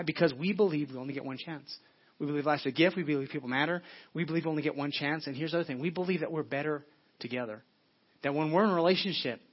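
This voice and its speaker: A man's voice: fairly high pitch, husky, dull audio. A male pastor preaching a sermon in an earnest, conversational way, repeating phrases and restarting often.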